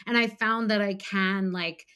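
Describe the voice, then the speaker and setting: A woman's voice: medium pitch, steady tone, measured pace, pushed and bright, smooth. A middle-aged woman author in a casual interview, talking with lots of "like" fillers and now and then acting out her own inner voice. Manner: frequent "like" fillers, acts out her inner voice in bursts. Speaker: author guest.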